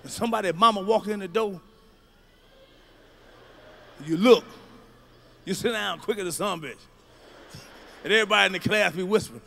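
A middle-aged man doing a stand-up comedy routine, telling profane stories that swing from low mutters to loud shouts. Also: moderate pace, gravelly, pauses often. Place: large comedy venue stage. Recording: live show, faint crowd ambience.

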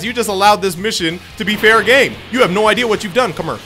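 A man's voice: sits high, sing-song, fairly quick, sharp tone. A young man giving joking, slangy commentary on his gameplay. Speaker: gaming YouTuber. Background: game music.

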